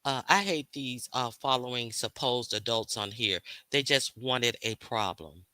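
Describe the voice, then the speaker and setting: A bright, sharp-toned woman delivers a confrontational, expletive-laden rant to her livestream audience. She circles back over the same points and hurls questions at her detractors, all in a close, dry-sounding recording. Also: rumbling low, measured pace, no echo. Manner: confrontational, profane, repetitive. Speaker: livestream host. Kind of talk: heated unscripted rant to viewers.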